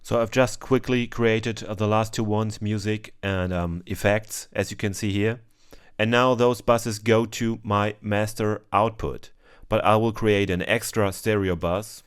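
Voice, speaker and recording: A man with a very low, smooth and clear voice walks through a mixing session at an even, unhurried pace. He explains each step plainly and fills his pauses with ums, the way a tutorial is talked through over a screen recording. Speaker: music producer teaching mixing.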